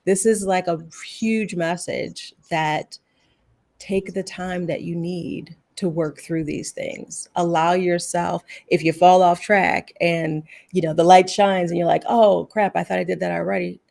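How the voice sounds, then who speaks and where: A woman's voice: fairly low pitch, steady tone, slow, darkish tone. A woman, a guest practitioner of the healing arts, giving earnest, reassuring spiritual advice over a remote call, with loose restarts.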